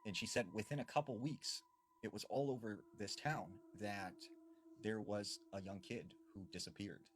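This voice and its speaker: A man casually telling a creepy story, with hushed dips for suspense. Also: lowish voice, fairly even intonation, normal speed, slight background noise.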